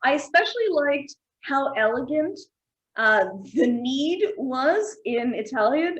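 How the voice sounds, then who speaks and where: High-voiced woman hosting comedy chat. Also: lively intonation, takes it slowly, fairly bright tone, dull audio. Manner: playful, laughs often, reads viewer comments. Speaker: host.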